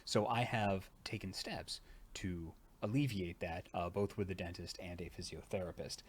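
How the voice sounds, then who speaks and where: Low-pitched male streamer, casual and rambling, sounds jaw-tired. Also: moderate pace, slight background noise. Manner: rambling, chatty, frequent "uh" fillers. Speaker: streamer and voice actor. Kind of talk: casual livestream chat.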